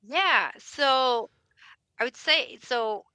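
A woman guest answering interview questions in a relaxed, wry, humorous way. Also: sits high, drawn-out words, clear, resonant tone, no room sound. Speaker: bookstore owner, guest.

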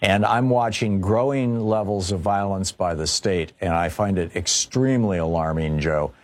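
A male radio talk host with a low-set voice. He mocks the headlines with dry sarcasm, then turns earnest and worried, stumbling and restarting as he thinks aloud. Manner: halting, with repeated restarts. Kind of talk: political call-in radio talk.

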